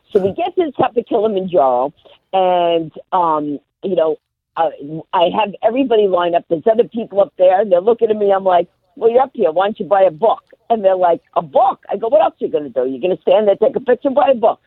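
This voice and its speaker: A woman rattles through a comic story at breakneck speed, her pitch leaping high and low as she acts out each voice. She comes through a tinny phone line that sounds dry and close, with no room around her. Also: no echo. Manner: rapid-fire, animated, acts out quoted voices. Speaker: guest, comedian and motivational speaker. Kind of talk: comic storytelling on live radio.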